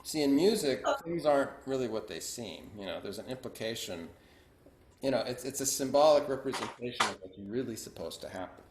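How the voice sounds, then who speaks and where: A man's voice: mid-range voice, expressive, fairly quick, echoey room, background noise. A man teaching piano, counting beats aloud and asking his students questions. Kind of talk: online music lesson. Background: piano playing.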